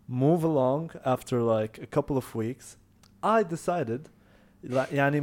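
A man's voice: medium pitch, brisk. A young man telling a family story in casual chat, slipping in phrases. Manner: relaxed, mixes in Arabic phrases.

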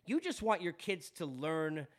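This man's voice is fairly high and very animated, though his pace stays measured. Hosting his podcast in a Long Island New York accent, he speaks earnestly and openly about himself, frequently repeating words.

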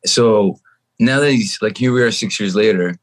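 A man guest on a podcast, talking casually and telling stories about his young son. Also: normal speed. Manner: animated storyteller, jumps to a high voice quoting his son. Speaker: guest musician.

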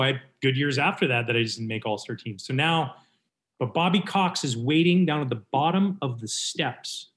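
Man, 40s, from Canada, former ballplayer guest; lively storyteller, mid-range voice. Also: medium pitch. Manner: animated, lively retelling with voiced quotes. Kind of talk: casual storytelling.

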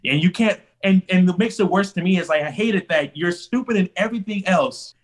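A man co-hosting a podcast in casual chat, calmly arguing a point. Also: high voice, brisk. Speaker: podcast co-host.

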